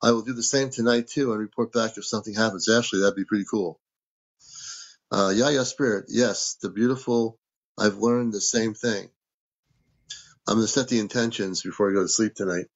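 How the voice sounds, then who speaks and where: A man hosting a casual livestream from home, with a low, gravelly voice. He reads out viewer comments and thanks people for gifts in an easygoing way. The sound is dull and lo-fi. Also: fairly even intonation, moderate pace. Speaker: livestream host.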